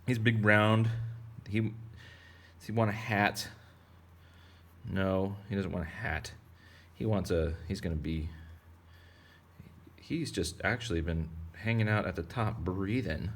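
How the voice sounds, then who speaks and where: A man's voice: low voice, measured pace, long pauses, slight background noise. A man teaching kids to draw whales in a rambling, playful way full of jokes. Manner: rambling, playful, joking asides. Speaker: drawing teacher. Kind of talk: casual drawing tutorial for kids.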